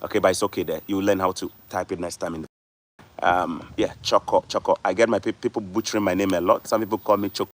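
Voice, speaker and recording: A man's voice: low voice, fairly even intonation, fast talker. A man, hosting a casual livestream and lecturing his viewers, repeating words for stress. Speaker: livestream host.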